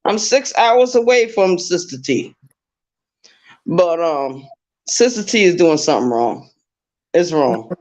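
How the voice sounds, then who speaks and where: Calling in as a guest through an online browser call, a woman offers blunt, casual remarks and repeats her points to drive them home. Her voice is on the low side, expressive and a little mellow, slow with frequent pauses, heard through dull lo-fi call audio.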